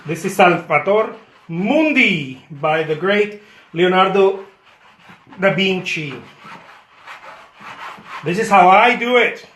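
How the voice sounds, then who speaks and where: A man with a high, bright voice chats casually while he paints live for his viewers. He is playful and mocks himself with grand boasts. The sound is echoey, as if from a bare studio room. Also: expressive, slow pace, pauses often, a little hiss or hum. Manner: playful, self-mocking boasts; chatty, thanks viewers by name.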